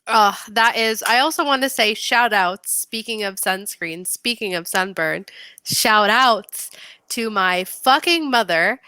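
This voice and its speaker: Young woman, podcast co-host, casual profane storytelling, bright voice, dry close sound. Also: mid-range voice, measured pace, clear, resonant tone, no room sound. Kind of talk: casual chat.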